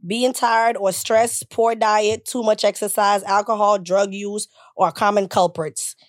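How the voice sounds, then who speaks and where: A woman co-hosts a casual podcast and reads through a list frankly, with a playful edge. Her pitch is in the middle range, and the sound is dry and close. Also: fairly even intonation, a little slow, no echo. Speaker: podcast co-host.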